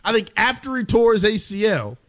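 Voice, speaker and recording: A male sports radio host sits in a studio and works through the story at a steady, measured pace. He offers firm opinions, and his voice is a touch higher than most men's. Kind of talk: sports talk radio commentary.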